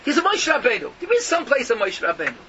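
Emphatic high-voiced rabbi lecturing. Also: male voice, wildly swooping pitch, fast talker, sharp tone. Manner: emphatic, rhetorical questioning, mixes Yiddish and Hebrew terms. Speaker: rabbi giving a Torah talk. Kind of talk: Yiddish-inflected yeshiva lecture. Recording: muffled lo-fi recording with noticeable background noise.

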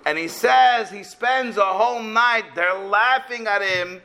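A high-pitched man gives a storytelling religious lesson, animatedly retelling a tale before pressing its moral home. His voice is bright and forceful. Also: unhurried. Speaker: religious teacher.

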